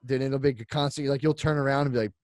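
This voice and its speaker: A man co-hosting a casual comedy podcast, rambling and laughing as he pitches a bit, acting out the voices. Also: fairly even intonation, quick pace, darkish tone, no room sound, clean studio sound. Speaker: podcast co-host.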